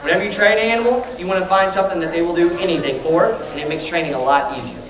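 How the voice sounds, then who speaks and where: Trainer talking quick to a crowd, mic way off, lots of room echo. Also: medium pitch. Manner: energetic, calls out to the crowd and asks questions. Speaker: animal trainer presenting to a library audience. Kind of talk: lively live presentation to children. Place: large indoor hall with an audience. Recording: echoey hall, distant mic, noisy crowd.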